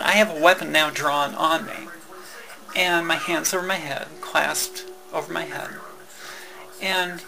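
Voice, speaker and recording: A woman telling a personal story in a halting way, with many fillers, restarts and wry laughs. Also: lowish voice, vocal fry, low-quality recording.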